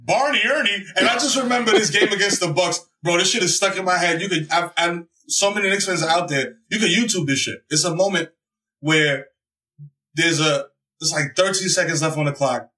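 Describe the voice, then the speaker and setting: A man from the Bronx, a podcast guest, telling stories in an excitable, profane way and shouting out the quotes he acts. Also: sits high, fairly quick, reverberant, recorded from a distance. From the Bronx, New York. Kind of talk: animated casual storytelling.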